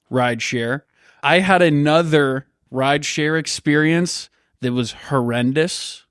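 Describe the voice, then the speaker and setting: A man's voice: mid-range voice, clear, resonant tone, no room sound, studio quality. Sarcastic man chatting on a podcast. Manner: sarcastic, teasing. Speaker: podcast co-host. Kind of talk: casual chat. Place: apartment.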